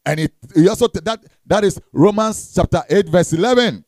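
A man preaching a sermon, leading the congregation in call-and-response with shouted, sing-song emphasis and frequent repetition. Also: high-pitched, brisk, no echo, clean studio sound. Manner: repeats words and restarts.

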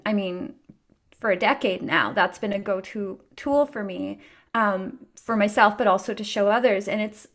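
A woman hosting a podcast, talking in an earnest, encouraging, chatty way. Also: mid-range voice. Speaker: podcast host. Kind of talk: casual chat.

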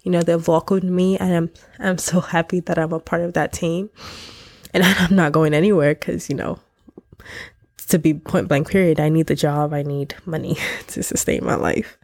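A woman's voice: low voice, fairly even intonation, moderate pace, a little mellow, no room sound, clean studio sound. A young woman from Nigeria hosting her own podcast, chatting casually and candidly with slang and laughter, her voice nasal and congested. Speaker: podcast host. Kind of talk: casual solo podcast chat.

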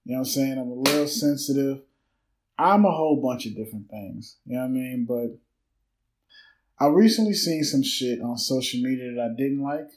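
A man's voice: mid-range voice, brisk, rough recording. Male podcast host, 30s, freewheeling solo monologue, candid and profane, mid-range voice. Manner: candid, rambling, swears freely, reflective.

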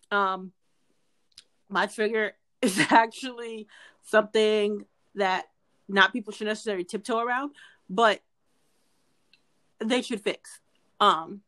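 A woman's voice: mid-range voice, a bit bright. Earnest woman podcaster pleading with listeners. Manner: earnest, pleading, repeats herself. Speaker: podcast co-host. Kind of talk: casual chat.

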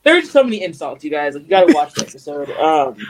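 A young woman co-hosts a casual anime podcast with a voice that leaps around in pitch. She retells scenes with plenty of energy and acts out the characters' lines as she goes. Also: fast, a little hiss or hum. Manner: animated retelling, acting out characters in quotes. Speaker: podcast co-host.

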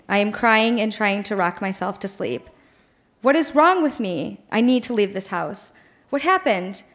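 A woman in her late twenties reading her teenage diary aloud at a live show in a bar, dramatic and earnest, with laughter in her voice. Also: mid-range voice. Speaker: reader on stage.

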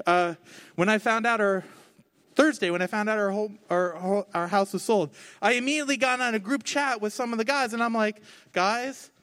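A man's voice: high voice, a bit bright. A man in his thirties, a pastor giving a conversational sermon, joking at himself and acting out quoted lines. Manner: conversational, self-mocking, acts out quoted voices.

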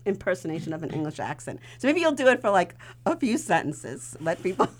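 A woman's voice: fairly low pitch, very animated, fairly quick. A woman co-hosting a comedy radio show in casual chat, enthusiastic and prone to laughing. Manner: giggly, enthusiastic. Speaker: radio co-host.

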